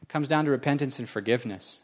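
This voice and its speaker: A man's voice: mid-range voice, fast. A man preaching a sermon, telling a personal story with self-mocking humor and emphatic repetition. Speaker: pastor.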